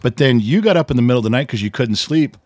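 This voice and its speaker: A middle-aged man co-hosting a casual podcast, telling a family story with lively, animated delivery and acting out what others said. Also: mid-range voice, fast, dry recording. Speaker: podcast co-host. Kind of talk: casual chat.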